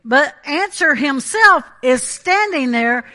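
Bright-voiced woman preaching emphatically. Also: sits high, animated, slow. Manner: emphatic, checks in with the congregation. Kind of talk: Pentecostal sermon.

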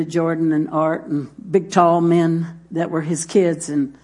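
A woman's voice: on the low side, warm tone. A woman preaching a sermon, talking straight to her listeners and repeating phrases for emphasis.

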